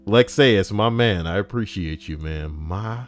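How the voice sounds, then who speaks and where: A man live-streaming, reading out stories and donations in casual, profane banter that jumps between mumbling and loud outbursts. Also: fairly low pitch, unhurried, faint music behind.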